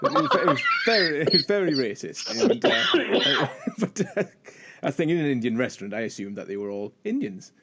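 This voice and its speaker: A man's voice: a little high, lively intonation, moderate pace, hardly any pauses, heavy background noise. A man co-hosting a podcast, telling rambling, self-mocking stories with frequent chuckles. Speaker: podcast co-host. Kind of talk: casual podcast banter.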